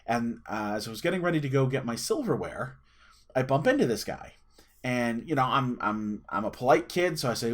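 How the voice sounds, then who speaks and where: A man's voice: medium pitch, expressive, normal speed, a bit bright. A man in his thirties chatting and telling a personal story as a channel host, rambling with fillers and restarts. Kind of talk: casual storytelling to camera.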